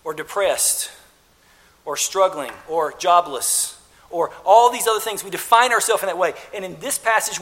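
Male pastor, high bright voice, earnest preaching with repeated phrases, big reverberant sanctuary. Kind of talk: sermon. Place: church sanctuary. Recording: long reverb of a large hall.

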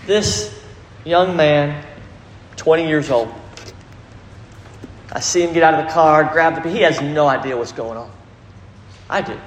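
A middle-aged man preaching a sermon, telling a story with animated delivery and acted quotes. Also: a little high, measured pace, pauses often, a little hiss or hum. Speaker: pastor. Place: large church hall. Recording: echoey hall, faint ambience.

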